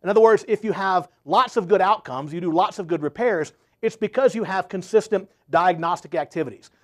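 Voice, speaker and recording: A man's voice: high voice, fairly quick. A man giving a motivational sales training talk to service contractors, telling stories emphatically and often checking in with "right?". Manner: emphatic storyteller, tags points with "right?".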